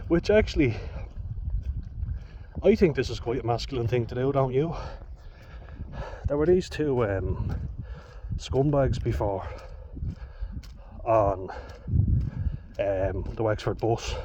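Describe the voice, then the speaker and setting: A man's voice: medium pitch, slow, pauses often. An Irish man talking in a rambling, casual monologue, swearing freely and going off on chatty asides. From Ireland. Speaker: vlogger. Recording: dull lo-fi audio with steady noise.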